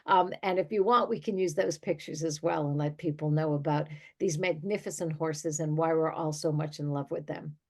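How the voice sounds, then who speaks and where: A woman's voice: low-pitched, fairly even intonation, normal speed, few pauses, darkish tone. Chatty, enthusiastic woman podcast host. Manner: enthusiastic, chatty, laughs easily. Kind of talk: casual podcast interview.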